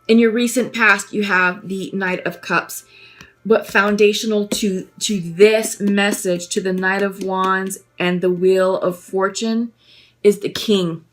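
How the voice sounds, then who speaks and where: A woman talks through a tarot reading in a gentle, musing way, often pausing with small fillers as she feels her way forward. Her voice sits at a middle pitch, with soft music playing faintly beneath it. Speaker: tarot reader. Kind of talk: spoken tarot reading to camera.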